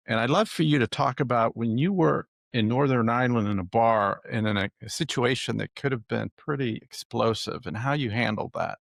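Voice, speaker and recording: A man hosting a podcast, asking questions in an easygoing, measured way. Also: mid-range voice, gravelly, no echo, studio quality. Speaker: podcast host. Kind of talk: casual interview chat.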